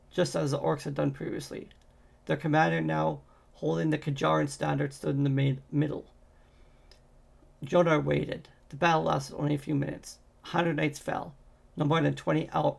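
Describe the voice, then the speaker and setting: A man's voice: fairly high pitch, gravelly, breathy edge. A man reading a fantasy novel aloud, with frequent slips and restarts. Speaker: audiobook reader.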